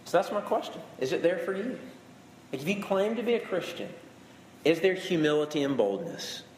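A man's voice: sits high, animated, normal speed, slight background noise. A man in his thirties, a pastor, preaching a conversational sermon with emphatic repetition. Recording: echoey hall with faint ambience.

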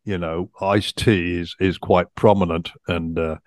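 A man's voice: sits low, steady tone, a little slow, no echo. A middle-aged English man co-hosting a podcast, chatting in an easygoing, self-deprecating way. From England. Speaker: podcast co-host. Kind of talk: casual chat.

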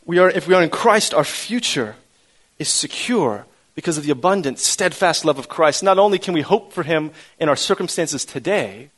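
A man's voice: fairly high pitch, expressive, moderate pace, fairly bright tone. A man preaching a sermon in an earnest style, stressing his points through repetition. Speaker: pastor.

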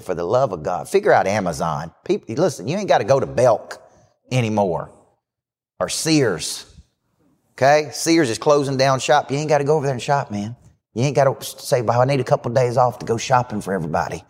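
A man hosting a live business show as a coach, giving a brash, fast-talking motivational pitch. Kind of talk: live podcast talk. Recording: hall reverb.

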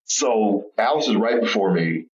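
A man guesting on a podcast, telling a story with animated, laughing delivery. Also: on the low side, a little slow, distant mic, lo-fi sound. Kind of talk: storytelling interview chat.

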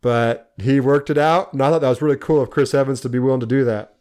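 An upbeat man in an easygoing podcast chat, reeling off movie facts with eager energy and quick laughs. His voice sits at an ordinary middle pitch. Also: fairly even intonation, darkish tone. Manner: enthusiastic, laughs often. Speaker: podcast co-host.

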